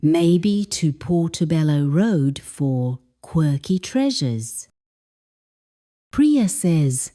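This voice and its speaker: A woman reading a scripted lesson narration as an English teacher, explaining phrases deliberately. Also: low-pitched, lively intonation, dark tone.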